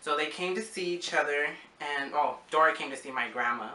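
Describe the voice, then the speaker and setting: Bright-voiced young man in echoey room. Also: a little high, fairly quick, distant mic. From Arizona, USA. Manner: rambling, with frequent fillers and acted-out quotes. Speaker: vlogger. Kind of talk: casual personal storytelling.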